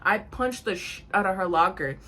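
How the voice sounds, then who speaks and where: A young woman in her twenties tells a story to her vlog audience in a blunt, slangy, animated way. Her voice sits at a middling pitch for a woman. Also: normal speed. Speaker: vlogger.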